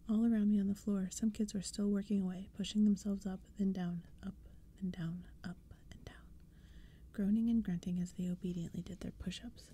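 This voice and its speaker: A woman reading a spooky story aloud in a soft, hushed whispered role-play. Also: mid-range voice, fairly even intonation, fairly quick, slight background noise. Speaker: ASMR storyteller.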